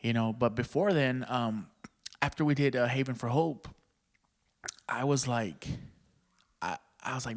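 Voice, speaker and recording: Man from Texas, stand-up comic, casual podcast storytelling, swears a lot, laughs a lot, mid-pitched voice. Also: unhurried, pauses often. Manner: profane, slangy, laughs often. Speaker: stand-up comedian guest.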